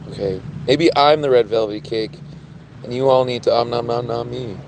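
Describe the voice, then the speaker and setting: Hoarse, playful man chatting on a stream. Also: mid-range voice, animated, normal speed, a little mellow, slight background noise. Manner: playful, teasing, repeats himself. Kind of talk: casual live-stream chat.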